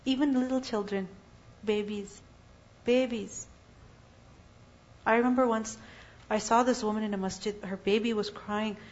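A religious teacher gives an Islamic lecture in a steady, mid-range voice with a darkish tone, moving at a measured pace with frequent pauses. She raises questions for her listeners and answers them herself. It's a dull lo-fi recording.

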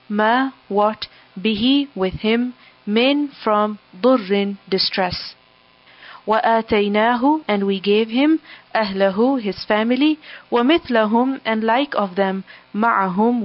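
Brief: woman reader, mid-pitched, measured word-by-word recitation with gloss, dull dry lo-fi sound. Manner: measured, pausing after every word or phrase. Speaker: scripture reader and translator.

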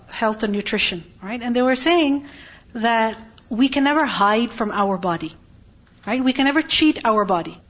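A woman's voice: on the high side, highs cut off. A woman teaching a Quran lesson to a class, asking questions and answering them herself.

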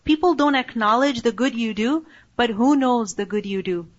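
Woman teacher explaining scripture through personal stories; slightly raised pitch, muffled lo-fi recording. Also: normal speed. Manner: storytelling with rhetorical questions; recites verses in Arabic. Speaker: religious teacher. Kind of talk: Quranic lecture. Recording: dull lo-fi recording.

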